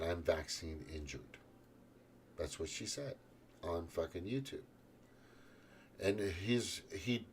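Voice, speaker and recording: A man's voice: sits low, a little mellow, slightly rough. A man hosting his own podcast in a rambling, profane monologue full of restarts. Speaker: podcast host.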